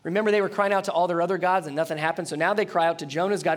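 A preacher with a high-pitched voice delivers a lively sermon from the pulpit, reading scripture aloud and breaking off to comment. He speaks fast with few pauses, animatedly acting out dialogue and swinging between loud, forceful emphasis and soft, earnest closing appeals of quiet intensity.

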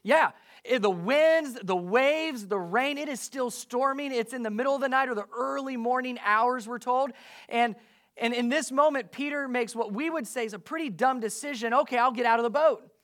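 Male pastor, high-pitched voice, emphatic sermon delivery, asks the congregation questions. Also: normal speed, fairly bright tone.

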